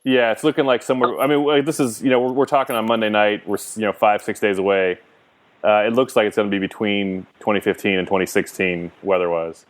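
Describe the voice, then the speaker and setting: A man's voice: fairly low pitch, fairly even intonation, fast. A man hosting a casual call-in podcast chat, asking lots of curious questions. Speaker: podcast host.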